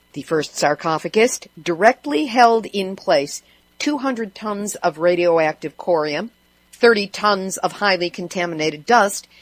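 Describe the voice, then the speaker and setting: Female podcast host, news roundup with wry asides, mid pitch, dry close mic. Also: no room sound, low-quality recording.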